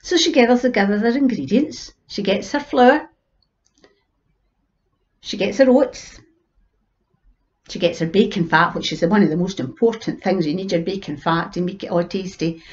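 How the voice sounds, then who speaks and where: A woman with an Ayrshire Scots accent telling a folk tale in a lively, folksy way. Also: medium pitch, normal speed, long pauses, highs cut off. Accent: Scottish, Ayrshire. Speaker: storyteller. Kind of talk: animated oral storytelling.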